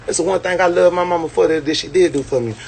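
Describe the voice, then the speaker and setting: A man's voice: fairly high pitch, fast, gravelly, darkish tone, slight background noise. A man ranting and boasting in a brash, profane way on a phone livestream. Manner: brash, swaggering, preachy.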